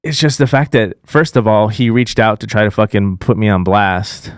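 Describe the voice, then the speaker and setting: A man's voice: on the low side, normal speed, clear, resonant tone, no echo, studio quality. A man co-hosting a podcast, airing a grievance in a heated, profane rant. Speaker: podcast co-host. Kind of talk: casual chat.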